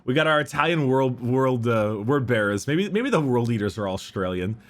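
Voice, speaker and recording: Profane, halting man chatting about lore. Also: mid-range voice, animated. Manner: halting, profane, stumbles over words. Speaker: podcast host. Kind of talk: casual lore chat.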